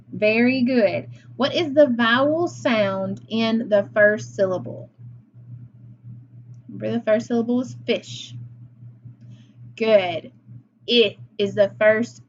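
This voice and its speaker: A woman teacher leading a phonics lesson for young children, slow and encouraging, pausing for their answers. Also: on the high side. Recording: slightly dull lo-fi sound with faint noise.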